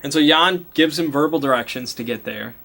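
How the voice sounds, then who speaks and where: A man acting as game master, casually recapping a tabletop horror session with a bright, forceful voice that sits a bit high. He laughs often and drops the odd swear word. His talk is slangy and loose, in the manner of a friend telling a story. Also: brisk, creaky.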